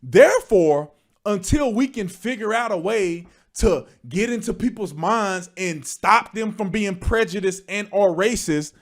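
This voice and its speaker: Animated preachy man with a drawl. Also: high voice, measured pace. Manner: preachy, rising to shouted emphasis. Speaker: livestream host. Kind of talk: opinion commentary stream.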